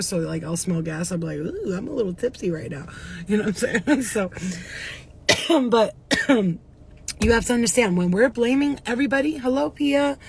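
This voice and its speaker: Woman vlogger talking to her followers about spirit guides, loose and rambling, voice a bit rough and cough-prone, mid pitch, faint hum behind. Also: a little mellow. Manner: chatty, repetitive, swears casually, greets viewers. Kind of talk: casual spiritual talk to viewers.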